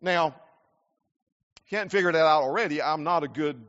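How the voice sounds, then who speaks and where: Earnest preacher, high voice. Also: male voice, moderate pace, fairly bright tone. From South Carolina. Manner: earnest, repeats words and restarts often. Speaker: pastor. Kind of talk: sermon. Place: church sanctuary. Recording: muffled church hall with long reverb.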